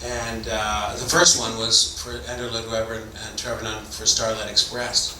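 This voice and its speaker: A man's voice: lowish voice, flat delivery, normal speed, pushed and bright. A middle-aged man from Toronto, an actor on a convention panel, telling rambling, self-deprecating stories. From Toronto, Canada. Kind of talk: anecdotal storytelling. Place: convention hall. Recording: echoey hall, distant mic, background noise.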